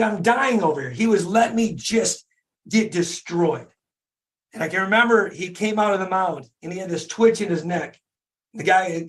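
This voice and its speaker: A hoarse man in his forties from Michigan, a podcast host giving a fervent, repetitive motivational talk in casual slang. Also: high-pitched. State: hoarse from laryngitis. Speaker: podcast host, dentist and business owner. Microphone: speaking to an online call audience.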